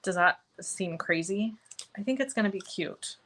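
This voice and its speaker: Background noise runs under this live cardmaking lesson, where a woman with an ordinary middle-pitched voice keeps things chatty and relaxed. She describes every step as she works, pausing to reply to viewers by name and regularly teasing herself.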